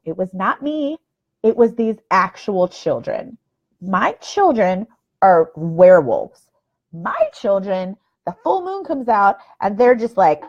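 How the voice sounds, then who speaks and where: A woman's voice: medium pitch, a little mellow. A young woman hosting a casual live video chat, chatty and self-mocking, venting with exasperation and swearing freely. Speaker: host. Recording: slightly dull, lo-fi livestream audio.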